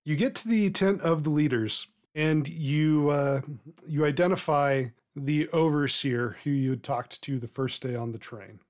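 Calm game master narrating scenes. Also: mid-range voice, measured pace. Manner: calm, descriptive.

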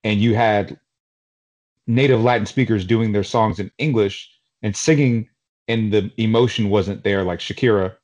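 A man from Queens, New York, co-hosting a podcast in casual chat, telling stories in an animated, rambling way with lots of fillers. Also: lowish voice, normal speed, muffled recording. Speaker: podcast co-host.

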